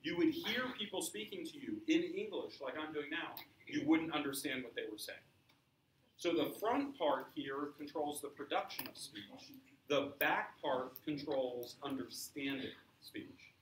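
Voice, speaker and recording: A man's voice: a little high, measured pace, fairly bright tone, a little hiss or hum. A man teaching science to a class, explaining with examples and asking students questions. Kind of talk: classroom lecture. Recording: echoey classroom from far off.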